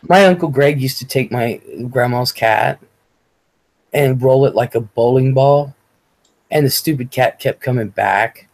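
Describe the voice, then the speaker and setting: A woman's voice: rumbling low, a little slow, darkish tone. A woman in her forties from Ohio hosting a casual livestream, chatting and reading viewer comments aloud. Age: 40s. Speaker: livestream host. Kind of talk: casual chat, reading out live chat.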